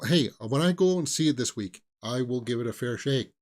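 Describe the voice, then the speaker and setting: A man's voice: mid-range voice, animated, a little fast, few pauses. Rambling, opinionated male movie-news host. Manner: rambling, opinionated, with many fillers and restarts; sarcastic, mocking impressions of celebrities. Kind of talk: casual live-stream chat.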